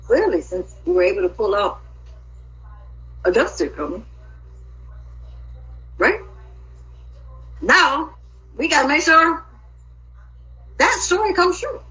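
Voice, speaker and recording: A woman in an emotional personal monologue, talking in an agitated, profane and rambling way with sudden loud outbursts. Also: high voice, very animated, takes it slowly, pauses often, low-quality recording.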